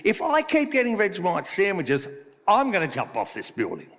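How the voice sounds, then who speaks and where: A man's voice: sits high, wildly swooping pitch, moderate pace, a bit bright, pitched above the performer's own voice, heavily acted. A man voicing a disgruntled Australian male construction worker, drawling and complaining, with echoey hall reverb. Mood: disgusted.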